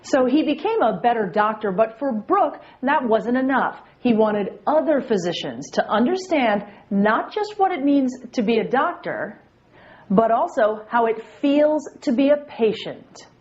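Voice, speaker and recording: A woman news reporter narrating a story in a steady, clear delivery. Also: on the high side, unhurried, muffled recording.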